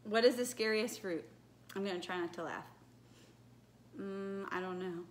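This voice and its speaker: A woman's voice: mid-range voice, moderate pace, slight background noise. A woman leading a church children's message, chatting playfully and laughing at herself as she tells jokes to children. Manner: playful, giggly, self-teasing. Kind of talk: casual talk to children.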